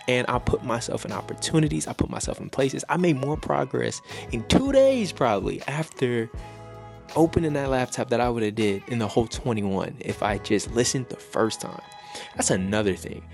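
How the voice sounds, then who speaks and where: A man's voice: medium pitch, animated, moderate pace, gravelly. A man giving a personal faith testimony to camera, earnest and reflective, repeating phrases as he builds feeling, over faint music. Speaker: faith vlogger sharing a testimony.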